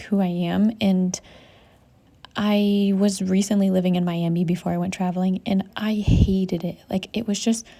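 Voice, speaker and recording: A young woman vlogging outdoors on a mountain trip. She talks in a soft, reflective and emotional way, saying "like" constantly and sometimes dropping into a whisper. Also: medium pitch. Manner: soft, emotional, heavy use of "like", drifting into whispers. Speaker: travel vlogger. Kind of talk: reflective casual vlog talk.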